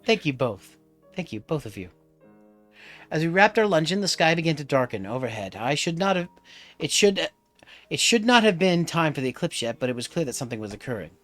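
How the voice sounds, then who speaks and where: A man's voice: on the high side, fast talker, faint music behind. A man streaming a story game, narrating its events expressively in the first person. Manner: expressive, theatrical, animated.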